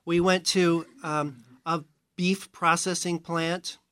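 A man's voice: fairly high pitch, flat delivery, slow, a bit bright, smooth, dry recording. A man from New York giving a conversational sermon as a Bible teacher, with chatty, self-mocking asides.

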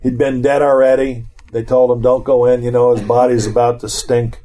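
A man's voice: mid-range voice, little pitch movement, moderate pace, warm tone. A middle-aged man leading an informal Bible study, reading verses aloud and then commenting on them in a conversational way.

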